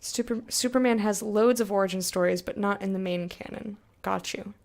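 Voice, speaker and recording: A woman's voice: medium pitch, normal speed. A young woman streaming a game, chatting casually with viewers, laughing often and reading game text aloud. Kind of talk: casual let's-play chat with viewers.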